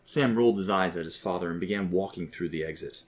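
A man narrating a scripted fantasy story with a steady, expressive reading. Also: low voice, quick pace.

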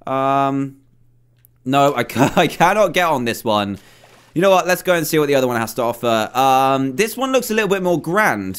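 A man giving excitable, chatty commentary over his own gameplay, with frequent exclamations. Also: medium pitch. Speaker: gaming video host. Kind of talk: let's play commentary.

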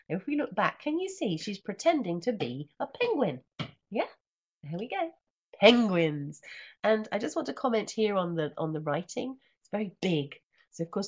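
A woman teacher trainer reads a picture book aloud over a computer microphone, breaking off to explain it. Her low, breathy voice swings widely in pitch, and she chants the refrain in a sing-song way. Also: a little mellow. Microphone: computer microphone in an online session.

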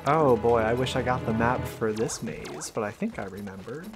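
Brief: male let's play host, joking gameplay commentary, average pitch, strong game music under the voice. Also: animated, moderate pace. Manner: joking, mocking the game, laughs often.

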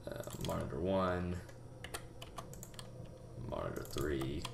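Young guy rambling through a game tutorial, deep voice, sounds out of breath, echoey room with lots of noise. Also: creaky. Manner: rambling, halting, many fillers and restarts. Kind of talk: casual gameplay tutorial. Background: keyboard typing and mouse clicks.

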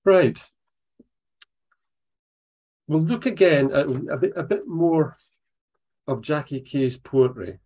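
Guy running a poetry workshop on a video call, slow and encouraging, husky voice. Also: on the high side, dark tone. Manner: encouraging, unhurried, reads poems aloud. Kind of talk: online workshop teaching.

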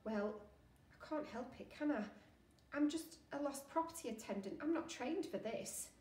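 A woman's voice: sits high, expressive, normal speed, warm tone, reverberant. A woman voicing a young, nervous, polite lost property boy who sounds flustered and eager to please.

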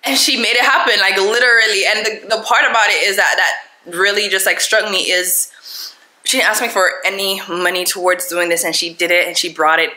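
A young woman from Jamaica, chatting excitedly and directly to her viewers in a casual vlog. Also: medium pitch, a little fast, roomy sound, poor audio. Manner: excitable, talks straight to viewers. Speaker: vlogger.

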